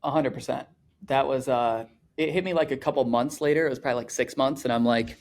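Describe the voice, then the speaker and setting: A man's voice: mid-range voice, fast, creaky, darkish tone. A young man, a podcast guest, talking in a loose, rambling way and filling his sentences with "like" and "you know". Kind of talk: casual conversational storytelling.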